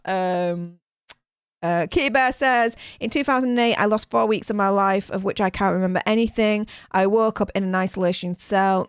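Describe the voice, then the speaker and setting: A woman hosting a live stream, chatty and animated, reading out viewer comments with lots of fillers. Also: lowish voice, smooth, no echo, studio quality. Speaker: host reading live chat. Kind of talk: casual live-stream chat.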